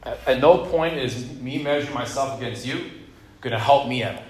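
A man preaching in a relaxed, conversational way, mixing jokes and asides to the crowd into his sermon. His voice has an ordinary middle pitch, and it rings in a roomy, echoing space like a church sanctuary. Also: fairly quick. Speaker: pastor. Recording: echoey room.

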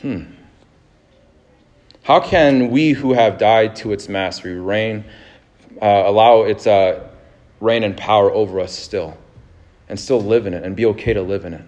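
A man's voice: fairly low pitch, unhurried, long pauses, a little mellow. A man in his thirties preaching a sermon in a casual, conversational way, telling stories and laughing easily. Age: 30s. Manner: casual, anecdotal, laughs easily, many restarts. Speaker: pastor.

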